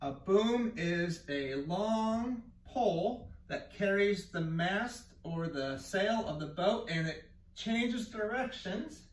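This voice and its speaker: Pe coach guy explaining a ship game, high bright voice, echoey gym sound from far off. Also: animated, slow. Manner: playful, shouts commands. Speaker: PE teacher. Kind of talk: leading a gym class game. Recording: echoey room, mic far off.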